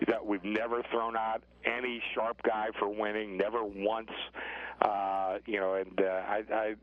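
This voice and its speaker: Older male guest, lowish voice, relaxed chatty podcast talk, quick to laugh. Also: phone-quality sound. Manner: chatty, easygoing, laughs often. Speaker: sportsbook director, guest. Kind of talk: casual podcast interview.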